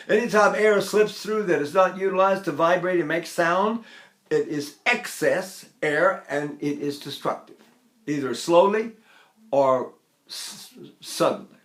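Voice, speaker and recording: A man's voice: fairly high pitch, measured pace, a bit bright. An older man, a tenor and voice teacher, giving a conversational lecture with many fillers and occasional sung examples. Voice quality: trained tenor voice. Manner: conversational, many fillers, breaks into full operatic singing.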